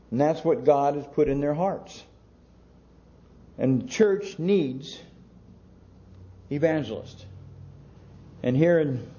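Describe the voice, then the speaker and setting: Male pastor, sermon delivery, slow and emphatic, mellow tone, lo-fi sound. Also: fairly high pitch. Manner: slow, emphatic preaching with long pauses between words.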